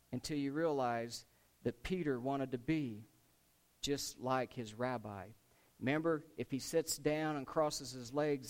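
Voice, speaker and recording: Animated male preacher telling a story. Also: mid-range voice. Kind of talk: sermon.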